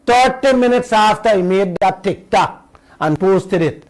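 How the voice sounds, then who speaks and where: A man with a Guyanese accent hosting a radio show, delivering a slow, emphatic political commentary and speaking straight to his listeners. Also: sits high, expressive, rough recording.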